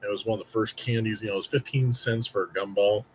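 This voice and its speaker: A candy review host in his late thirties, from Indiana, talks fast in a lowish voice, spinning a long, rambling childhood story casually to camera. He's animated and acts out the voices he quotes, all on a low-quality recording with a touch of hiss or hum.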